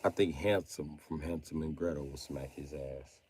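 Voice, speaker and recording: A man livestreaming, ranting in mocking tones with sudden shouted bursts and jokey mock British slang. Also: a bass voice, moderate pace, slight background noise.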